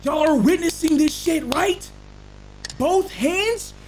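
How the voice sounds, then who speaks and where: A young man commentating a horror game, excitable and loud, swearing and yelling at the game, with game music playing behind him. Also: very high voice, takes it slowly, a little hiss or hum. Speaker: gaming streamer.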